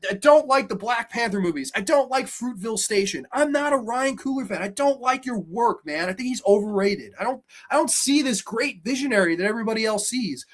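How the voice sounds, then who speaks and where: A man hosting a horror show, ranting in a casual, profane, sarcastic way, swinging between loud outbursts and low muttering. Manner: mocks characters in silly voices. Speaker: horror podcast host. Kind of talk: casual ranting movie review.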